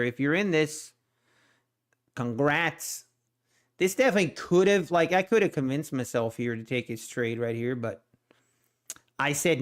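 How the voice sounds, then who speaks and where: A middle-aged man, chatting casually on a trading livestream, laid-back and joking. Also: medium pitch. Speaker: day trading livestream host. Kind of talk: casual live-stream chat.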